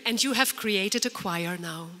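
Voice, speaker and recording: A soprano singer in an informal talk, leading the audience in singing and swooping her voice high and low as she demonstrates. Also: measured pace, a bit bright, slight background noise. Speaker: soprano singer speaking at a symposium. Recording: long reverb of a large hall.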